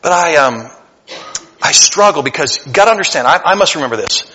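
A pastor preaching a sermon, animated and conversational, swinging between loud emphatic passages and hushed earnest asides. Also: male voice, on the high side, fairly quick, muffled recording. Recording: long hall reverb.

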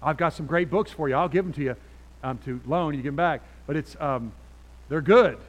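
A middle-aged man preaching with a voice pitched a little high for a man. He moves between soft, confiding asides and sudden loud, animated stretches. His delivery is conversational, full of restarts and personal stories. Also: brisk, poor audio. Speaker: pastor. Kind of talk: sermon.

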